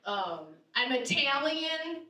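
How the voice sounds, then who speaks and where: High, bright young woman doing stand-up. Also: slow pace. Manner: animated, laughs at own jokes, loud punchlines. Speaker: stand-up comedian. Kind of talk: stand-up comedy set. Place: live theater stage. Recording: roomy theater sound, distant mic.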